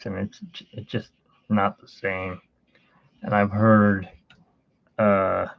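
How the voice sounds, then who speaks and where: A man talks slowly and casually while he works on a drawing, rambling from one aside to the next. His voice is gravelly and husky. The sound is tinny and phone-like and dry. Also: fairly low pitch, dry recording. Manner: rambling, chatty, with fillers and asides. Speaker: artist hosting a live art stream.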